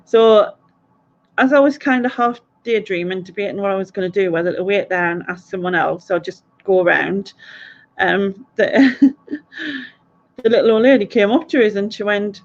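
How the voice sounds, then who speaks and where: A woman's voice: medium pitch, moderate pace, highs cut off. A woman hosting a quiz stream, chatting in a rambling way and laughing often. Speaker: quiz host. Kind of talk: casual live stream chat.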